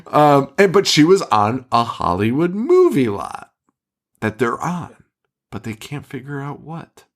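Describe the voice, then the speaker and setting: A man's voice: mid-range voice, measured pace. Laughing, swearing male podcast co-host. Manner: animated, laughs often, swears. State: hiccuping and burping. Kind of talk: casual movie chat. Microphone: studio mic.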